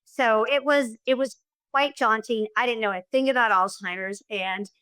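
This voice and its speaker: A middle-aged woman, a podcast guest, chatting casually and telling stories with lively enthusiasm. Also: a little high, moderate pace, clear, resonant tone, no echo. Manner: effusive, animated storyteller. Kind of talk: casual interview chat.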